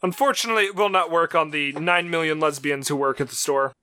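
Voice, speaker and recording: A man's voice: on the high side, fast, bright, forceful tone, clean tone. A man co-hosting a podcast, chatting in a playful, teasing way. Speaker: podcast co-host. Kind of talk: casual banter.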